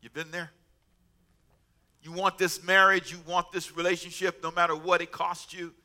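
A middle-aged man preaching a sermon as pastor, animated and humorous, with asides. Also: high-pitched, normal speed.

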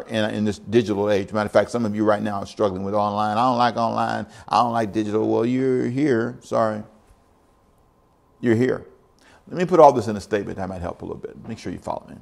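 A man in his sixties preaching a sermon as pastor, emphatic and repetitive, building to loud, high-pitched peaks. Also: gravelly. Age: 60s. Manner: emphatic, repeats phrases, rises to near-shouting peaks.

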